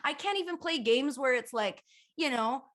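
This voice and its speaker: A Canadian woman guesting on a video call, chatting and joking in an animated, self-mocking way with frequent laughter. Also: high voice, moderate pace. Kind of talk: casual comedic chat on a video call.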